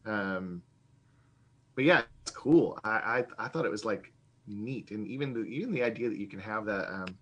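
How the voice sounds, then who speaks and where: A man chatting as a guest game master on a podcast, eager and rambling with quick asides. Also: on the low side, animated, fairly bright tone, slightly rough. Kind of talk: casual podcast chat.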